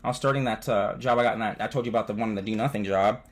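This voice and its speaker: A young man casually telling car stories to his viewers in an animated, profane way, with big swings in his voice. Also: fairly low pitch, rapid-fire. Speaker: vlogger. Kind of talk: casual storytelling.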